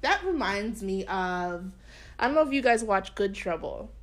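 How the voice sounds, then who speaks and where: A woman's voice: medium pitch, a little slow. A young woman chatting casually as a podcast co-host, telling a story and acting out the people in it. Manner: animated storyteller, acts out quoted people. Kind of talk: casual chat.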